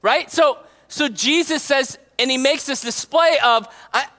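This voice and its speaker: A man preaching a casual, joking sermon in an animated, conversational way. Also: very high voice, measured pace. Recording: long hall reverb.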